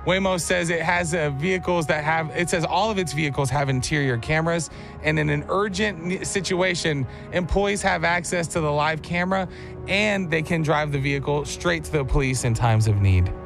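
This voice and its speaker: Animated man telling stories on air. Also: fairly high pitch, moderate pace, gravelly, music in the background. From Texas. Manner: animated storyteller, acts out quotes. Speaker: radio show host. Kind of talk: casual chat.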